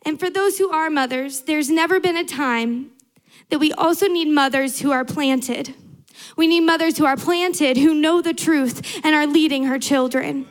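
Young woman preacher, high bright voice, earnest sermon with repeated emphatic lines. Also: normal speed.

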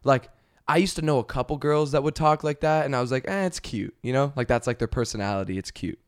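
A man's voice: medium pitch, fairly even intonation, fast talker, clear, resonant tone. Male podcast host, casual comedic rant, swears a lot, exasperated and rambling, mid-range voice. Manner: profane, exasperated, rambling with fillers.

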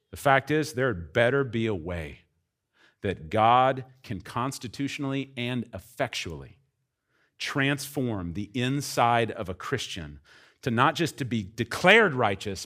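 A man preaching a sermon as pastor, emphatic, with wide swings between quiet and loud. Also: lowish voice.

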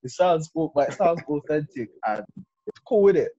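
A young man in a casual chat, expressive, slangy and quick to laugh. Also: a little high, a crowd in the background. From Jamaican heritage. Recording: dull lo-fi sound.

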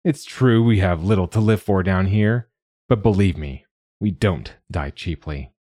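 A man's voice: deep voice, measured pace, dark tone, no echo, clean studio sound. A man reading the part of a plump gang boss who speaks with mocking, practiced menace.

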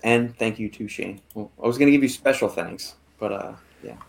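An American man hosting a podcast, relaxed and easygoing, asking questions and wrapping up the show. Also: fairly low pitch, a little fast, gravelly. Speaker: podcast host. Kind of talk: casual podcast chat.

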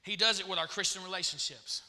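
A man's voice: high voice, fast talker, bright, forceful tone. A man preaching a sermon in church, repeating phrases and calling out to the congregation.

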